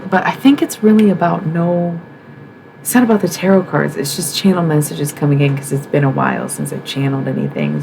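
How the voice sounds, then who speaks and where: A woman's voice: low-pitched, noisy background. A woman from the Midwest hosting a livestream, talking frankly and emphatically in a casual monologue, swearing and asking rhetorical questions. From American Midwest. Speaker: livestream host.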